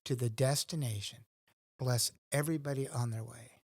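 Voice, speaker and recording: A man's voice: mid-range voice, fairly even intonation, normal speed, dry recording, clean studio sound. A middle-aged man, a guest in a casual conversation, telling earnest stories and acting out his own thoughts.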